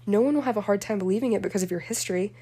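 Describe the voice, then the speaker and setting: A woman reading aloud and voicing a sweet, eager young woman who pleads in an excited rush. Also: very fast, slightly rough, natural voice. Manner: high excited rush, dropping to a soft whisper.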